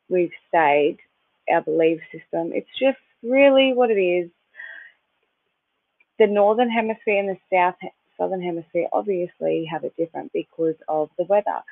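Host, chatty and meandering, with a gravelly edge, recorded dry and phone-thin. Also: mid-range voice, no room sound. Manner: rambling, chatty, loses track and restarts; occasional swearing. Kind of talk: casual spiritual talk. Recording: dry, tinny phone-like sound.

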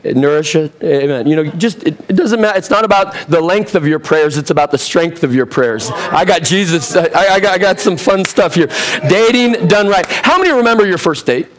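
Hoarse humorous young pastor, man. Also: sits high, brisk, few pauses. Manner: humorous, storytelling, lively asides. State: a little hoarse. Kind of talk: sermon.

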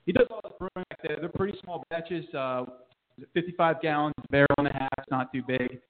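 A man's voice: fairly high pitch, brisk, very noisy. A man who works at a brewery, casually explaining its beers with many hesitant fillers. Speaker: brewery staff member. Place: brewery bar. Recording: tinny phone-like sound.

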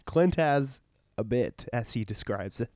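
A man's voice: mid-range voice, expressive, unhurried, a little mellow, no room sound. A man co-hosting a casual movie podcast, laid-back and dry as he plays along. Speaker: podcast co-host.

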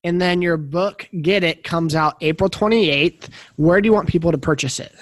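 A man's voice: on the high side, moderate pace, no room sound, studio quality. A man hosting a podcast interview, encouraging and conversational as he asks his guest questions. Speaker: podcast host.

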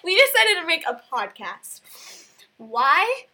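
A woman's voice: very high-pitched, sing-song, slow, pushed and bright. A teenage girl co-hosting a casual podcast, giggly and self-mocking, laughing often, recorded without a proper microphone. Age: teens. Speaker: podcast co-host. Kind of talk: casual chat. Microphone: no microphone, built-in device mic.

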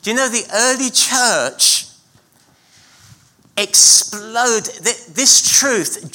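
Middle-aged male pastor, unhurried sermon delivery, very bright, cutting voice, emphatic repeats. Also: very high-pitched, lively intonation. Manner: emphatic preaching with repeated phrases and slow pauses. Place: church.

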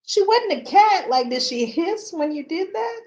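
A woman co-hosting a casual chat show, blunt and profane, quick with reactions to her partner. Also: very high-pitched, very animated, darkish tone. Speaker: co-host. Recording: slightly dull audio.

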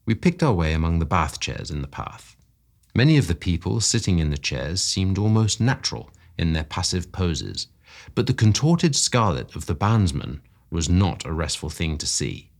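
A man reading a classic story aloud as narration in an expressive way that rises with excitement. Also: deep voice, normal speed. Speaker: podcast story reader.

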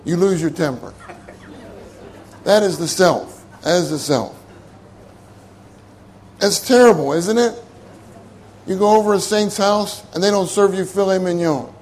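A man's voice: sits high, darkish tone, a little hiss or hum. An older man preaching a sermon in a conversational way, repeating his key phrases and laughing at his own jokes.

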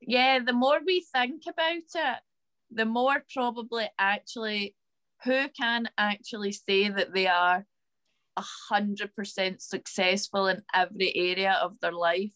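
A woman co-hosting a podcast, chatting in an enthusiastic, lively way. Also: mid-range voice, a little slow, dry recording. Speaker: podcast co-host. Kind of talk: casual chat.

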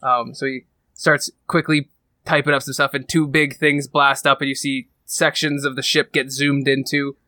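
A man's voice: medium pitch, flat delivery, moderate pace, pushed and bright, dry recording. A man narrating a tabletop roleplaying game as game master, casual and full of fillers.

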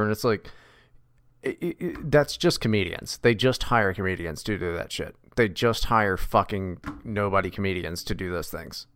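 A man's voice: low voice, fairly bright tone, clear, resonant tone, dry recording, clean studio sound. A man co-hosting a podcast, talking bluntly and profanely, mocking and ranting in casual chat. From West Virginia. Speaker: podcast co-host.

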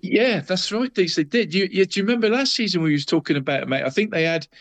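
A man's voice: high-pitched, expressive, fast. A man co-hosting a local football podcast, chatting casually with many restarts and "mate" after nearly every phrase. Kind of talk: casual chat.

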